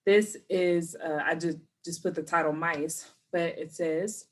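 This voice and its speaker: A woman teacher recording a lesson for her students at home, patient and encouraging, slowing down to model words clearly. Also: on the low side, fairly even intonation.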